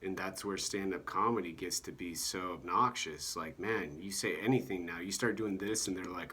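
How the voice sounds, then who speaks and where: A man giving a meandering monologue about comedy, halting often and filling gaps with "you know" and "like". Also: low-pitched, sharp tone, breathy edge.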